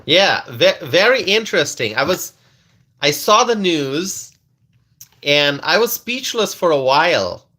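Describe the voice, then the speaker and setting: Man, livestream host, slow deliberate pace, bright forceful tone, chuckling, repeats himself. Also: on the high side, big pitch swings. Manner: laughing, amused, repeats lines for effect; slow drawn-out delivery with many restarts. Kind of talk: casual commentary to live viewers.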